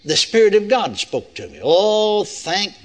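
An older man delivers a sermon in a high voice that rises and falls a great deal. He keeps it folksy and conversational, often asking the congregation rhetorical questions. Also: very animated, a little slow. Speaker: preacher.

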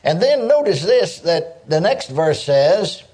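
A man's voice: a little high, big pitch swings, slow pace, a little mellow. A man preaching a sermon, emphatic, breaking in with cries of praise and calling on listeners to answer him. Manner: calls for audience response.

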